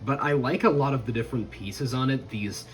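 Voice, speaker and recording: A man's voice: mid-range voice, brisk, poor audio. A tired man hosting a casual toy review vlog, chatty and rambling. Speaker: host.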